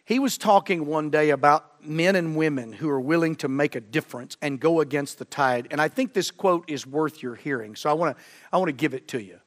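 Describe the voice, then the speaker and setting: A middle-aged man preaching a sermon as a guest preacher, fervent, swinging from loud emphasis to low, earnest tones. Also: a little fast. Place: church sanctuary. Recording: long church reverb.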